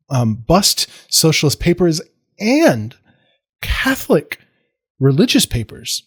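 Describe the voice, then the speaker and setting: A man's voice: fairly high pitch, breathy edge. An American man giving a history lecture in a casual, digressive way, with self-deprecating asides and restarts. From United States.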